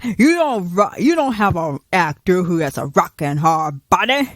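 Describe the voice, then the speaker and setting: A woman's voice: fairly low pitch, big pitch swings, moderate pace, no echo, clean studio sound, voice pushed down. A woman voicing a boastful male sea superhero who brags and taunts. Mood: bragging. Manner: bragging, taunting.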